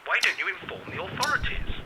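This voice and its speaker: An actor playing a skeptical, sarcastic friend in a game who mocks the caller. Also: male voice, high voice, big pitch swings, fast. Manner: mocking, dry sarcasm. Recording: heavy hiss, phone-line sound.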